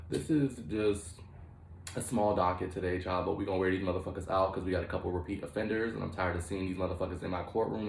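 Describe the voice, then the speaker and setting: A man's voice: sits low, creaky, slight background noise. A man hosting a comedic mock courtroom commentary, profane and emphatic, peppering his talk with "child" and "okay". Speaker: host. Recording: roomy echo.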